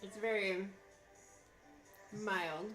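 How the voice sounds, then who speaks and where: A woman's voice: medium pitch, fairly even intonation, a bit bright, soft background music. A woman co-hosting a stream who teases her friend in casual chat and laughs easily. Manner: teasing, quick to laugh. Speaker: stream co-host.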